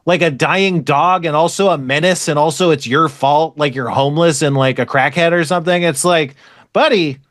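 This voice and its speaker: A man's voice: a little high, a little fast, hardly any pauses, fairly bright tone, no room sound, studio quality. A man co-hosting a podcast, a comedian talking frankly and swearing freely in casual chat. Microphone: podcast microphone.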